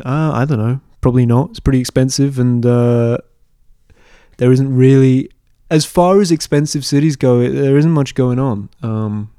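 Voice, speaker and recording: Mellow-voiced young man, rambling. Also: medium pitch, moderate pace, smooth, no echo, studio quality. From London, England. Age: 20s. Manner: rambling, hesitant, deadpan absurd humor. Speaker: podcast host. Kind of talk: casual solo podcast answering listener questions.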